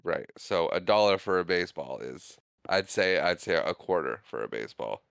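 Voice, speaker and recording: A man's voice: low-pitched, moderate pace, creaky, clear, resonant tone, dry recording, clean studio sound. A man co-hosting a podcast, casually recapping a movie scene by scene and acting out the characters' lines. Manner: animated, acts out characters' lines while retelling scenes. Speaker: podcast co-host.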